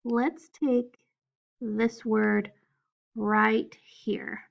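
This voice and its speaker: Slow, patient woman teaching first graders. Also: fairly high pitch, level tone, gravelly, dull audio. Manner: slow, patient, spells out letters one by one. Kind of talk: recorded phonics lesson for children.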